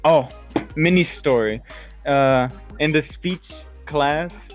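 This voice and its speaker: A man's voice: fairly high pitch, slow pace, faint music behind. A young man co-hosting a casual chat, joking and stumbling over his words. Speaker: podcast co-host.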